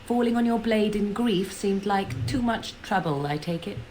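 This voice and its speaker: A woman's voice: medium pitch, moderate pace, darkish tone, a little hiss or hum, natural voice, poor audio. An actress playing a cutting, sardonic young witch in a video game. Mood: mocking. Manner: cutting, mocking.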